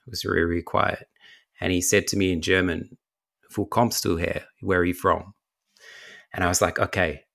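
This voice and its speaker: A man's voice: low-pitched, level tone, moderate pace, vocal fry, a bit bright. A young man raised in Australia, an actor guest on a podcast, telling laid-back stories from film sets and laughing along. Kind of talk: casual interview storytelling.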